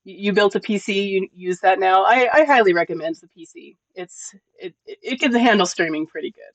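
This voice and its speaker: A live streamer in casual chat with viewers, gentle and encouraging, often repeating words at the start of sentences. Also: mid-range voice, brisk, no echo, low-quality recording. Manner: emotional, gentle.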